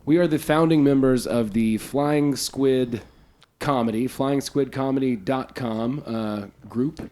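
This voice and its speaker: A man's voice: medium pitch, measured pace, darkish tone. A man hosting a comedy podcast, chatting casually and self-correcting often. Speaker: podcast host.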